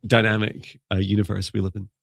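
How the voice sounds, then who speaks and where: A man with a low, gravelly voice chats on a live stream, rambling and musing and breaking into laughter. The sound is dry and close, with no room echo. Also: level tone, brisk. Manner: rambling, musing, laughs often, self-correcting. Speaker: psychic mentor and live show co-host. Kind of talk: casual live-stream chat.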